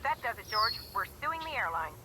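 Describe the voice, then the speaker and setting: A sarcastic, bored young friend. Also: female voice, on the high side, big pitch swings, fairly quick, noisy background. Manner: wry, sarcastic. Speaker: video game character on a phone call.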